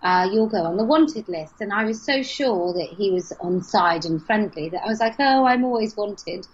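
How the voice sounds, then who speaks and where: A woman's voice: mid-range voice, moderate pace, husky. A woman, speaking frankly and telling a story as an interview guest. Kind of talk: casual conversation. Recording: dull lo-fi podcast audio.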